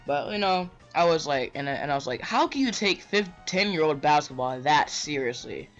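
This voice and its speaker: A man with a slightly high voice rambles through a casual rant, tagging lines with "bro" and "right?". The mic sounds dull and lo-fi. Faint music plays underneath. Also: expressive, moderate pace, fairly bright tone. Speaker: vlogger.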